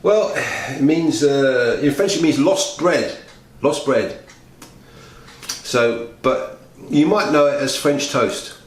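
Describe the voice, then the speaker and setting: A man's voice: medium pitch, lively intonation, slow pace. A man hosting a casual cooking demonstration at home, chatting to viewers in a rambling, friendly way as he works. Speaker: home cooking video host. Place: home kitchen. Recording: echoey kitchen with clattering pans.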